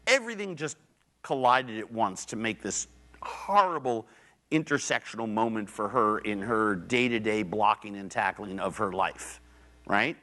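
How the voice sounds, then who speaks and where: In a university theater, a middle-aged man gives a public lecture, telling stories conversationally, swearing casually, and acting out the voices he quotes. His pitch is fairly low, his intonation lively, and his measured delivery sounds pushed and bright.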